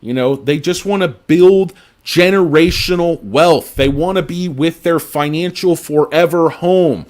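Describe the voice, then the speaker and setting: A man hosting a casual livestream about stocks, talking emphatically and rambling with plenty of fillers, swinging from loud, punchy lines to mumbled asides. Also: on the high side, unhurried, few pauses. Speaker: livestream host.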